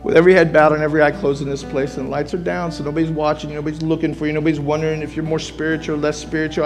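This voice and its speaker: A man preaching in a church sanctuary, his fairly high voice dropping to soft pleas and then climbing into shouts. He repeats short phrases over and over for emphasis. Faint music plays behind him. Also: steady tone, racing, hardly any pauses. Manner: swings from quiet pleading to loud shouting. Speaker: pastor. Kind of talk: sermon.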